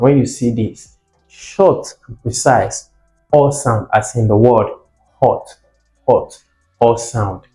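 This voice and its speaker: A man with a mid-range, slightly mellow voice teaches vowel sounds as an English teacher giving an exam-prep phonetics lesson. He repeats each sound and word for practice and checks on the viewer, in a roomy echo with faint music.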